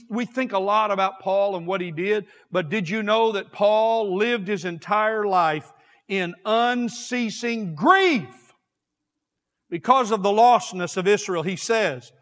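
A man preaching a sermon, swinging from quiet, slow passages to raised, shouted ones. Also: high-pitched. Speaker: pastor. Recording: long hall reverb.

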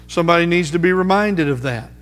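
A man preaching a sermon, emphatic, slowing down to repeat key phrases for weight. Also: on the high side, expressive, fairly bright tone. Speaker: pastor. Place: church sanctuary. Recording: music under voice, long hall reverb.

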